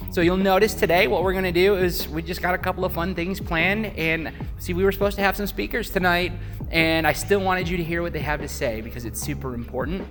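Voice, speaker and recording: A man's voice: high voice, a little fast, in a large hall, music in the background. A man hosting a stream with a casual welcome, chatty and joking at his own expense. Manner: joking, chatty, self-deprecating. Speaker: host.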